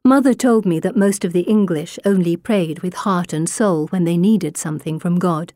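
A woman narrates an audiobook in the first person, with a steady, wry delivery. Her voice sits a bit low and sounds warm and mellow. The recording is dry and close, with no room sound. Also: moderate pace, no room sound.

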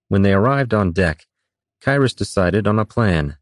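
A man narrating a fantasy novel in a steady, even storytelling delivery. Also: fairly low pitch, moderate pace, no room sound, clean studio sound. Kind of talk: scripted audiobook narration.

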